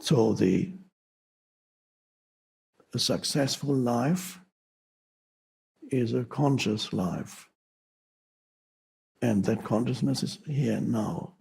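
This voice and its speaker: A man giving a spiritual teaching talk, speaking slowly with pauses and halting restarts. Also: medium pitch, vocal fry, darkish tone, poor audio.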